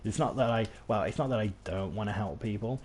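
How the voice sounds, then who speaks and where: Husky-voiced Englishman rambling over gameplay. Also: on the low side, fast, a little mellow. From England. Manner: rambling and self-deprecating, with many restarts. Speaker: game streamer. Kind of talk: casual gameplay commentary.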